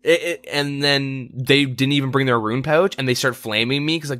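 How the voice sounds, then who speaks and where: A man's voice: mid-range voice, fairly even intonation, normal speed, few pauses, bright, forceful tone, no echo, studio quality. A man co-hosting a casual gaming podcast, telling a long rambling story with lots of swearing and exasperated asides. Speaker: podcast co-host.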